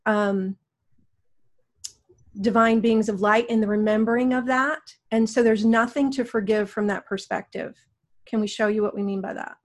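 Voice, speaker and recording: Soothing woman guiding a healing session. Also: fairly high pitch. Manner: slow, soothing, coaxing prompts. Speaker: energy healer guiding a session.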